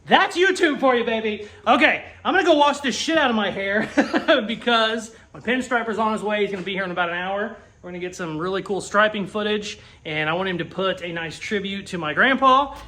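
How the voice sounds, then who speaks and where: A young man chatting casually in a garage vlog, excited, laughing often and swearing casually. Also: high voice, fairly quick. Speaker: custom car builder and YouTuber.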